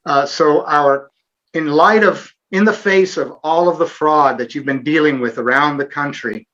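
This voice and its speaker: A man's voice: fairly high pitch, a little slow, a bit bright, highs cut off. A middle-aged man hosting a live online Q&A, talking earnestly with sarcastic asides and frequent fillers. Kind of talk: casual livestream interview.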